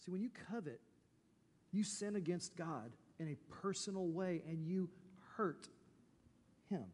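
A man's voice: high-pitched, a little slow, darkish tone. A man preaching a sermon as pastor, emphatic and full of rhetorical questions. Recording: long reverb from a large hall.

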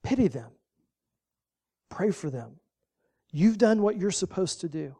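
A pastor delivers a sermon with a warm, mellow tone. The delivery is folksy and emphatic, with casual asides. Short commands are repeated to drive each point home. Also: medium pitch, big pitch swings, unhurried, husky.

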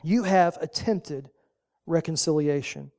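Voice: medium pitch, takes it slowly, darkish tone. A pastor preaching a sermon, folksy and emphatic, driving points home with short repeated commands.

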